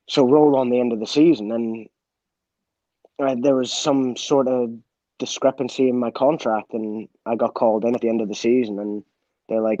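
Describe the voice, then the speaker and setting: A former footballer being interviewed, telling a story candidly, with many restarts and quoted dialogue. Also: male voice, medium pitch, steady tone, fairly quick, warm tone, dry recording, lo-fi sound.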